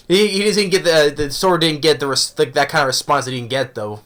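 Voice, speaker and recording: A man's voice: fairly high pitch, moderate pace, a bit bright. A man giving a casual, rambling review of an anime episode, often tagging on "right?".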